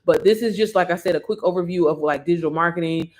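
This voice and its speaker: A woman's voice: lowish voice, fast talker, darkish tone. A young woman, chatting casually on a livestream as an online marketing coach, hyped and friendly, calling viewers girl and sis. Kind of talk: casual livestream sales talk.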